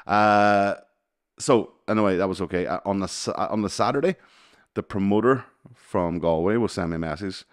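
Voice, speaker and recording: A man's voice: fairly low pitch, normal speed. A man co-hosting a podcast, telling rambling, sweary stories in casual chat. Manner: sweary, rambling anecdotes with frequent laughs. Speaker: podcast co-host, comedian.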